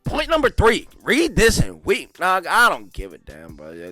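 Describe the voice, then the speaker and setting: A young man reading a history book aloud, breaking in with loud, slangy asides and dropping to quiet mumbled reading. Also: sits high, a little slow, hardly any pauses, no room sound, faint music behind. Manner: animated slangy asides between read passages. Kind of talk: casual read-along with commentary.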